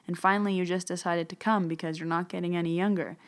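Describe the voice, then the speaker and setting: Woman host, lower voice, spins a personal story in a chatty, repetitive flow. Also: fairly even intonation, fast, smooth. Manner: chatty, retells dialogue, repeats phrases. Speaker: podcast host, medium.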